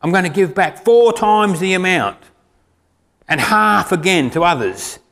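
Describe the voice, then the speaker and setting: A man's voice: high-pitched, lively intonation, a little slow, a bit bright, pitched above the performer's own voice, heavily acted. A man preaching, voicing a repentant rich tax collector, eager and earnest. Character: repentant wealthy male tax collector Zacchaeus. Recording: reverberant hall.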